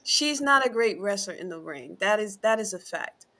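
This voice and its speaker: Bright-voiced woman breaking down wrestling. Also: medium pitch, animated. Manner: measured, explains her view with qualifiers. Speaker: podcast co-host. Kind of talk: casual wrestling review chat.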